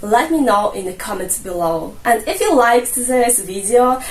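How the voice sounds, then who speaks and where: A woman's voice: a little high, big pitch swings, a little slow, slight background noise. A woman coaching viewers on an English exam in a chatty, jokey way, a native Russian speaker. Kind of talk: casual explainer narration. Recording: roomy, a bit distant from mic, light music.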